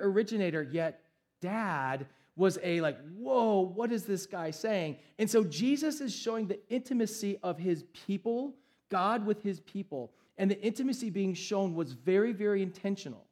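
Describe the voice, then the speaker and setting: A man in his thirties preaching a sermon, emphatic, slowing down to stress key phrases. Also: high voice, darkish tone. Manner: emphatic, varied pace with slowed stressed phrases. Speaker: pastor.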